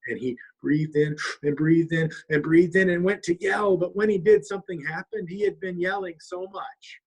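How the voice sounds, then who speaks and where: Husky-voiced man telling a story. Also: high voice, moderate pace, poor audio. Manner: lively, weaves in Abenaki words. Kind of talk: oral storytelling. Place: longhouse.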